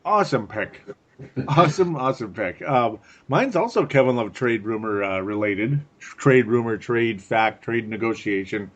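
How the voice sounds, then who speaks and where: A man co-hosting a casual sports podcast, chatty and quick to laugh, often repeating a word for effect. His voice sits mid-range, and the audio is dull and lo-fi. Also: medium pitch, expressive. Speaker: podcast co-host.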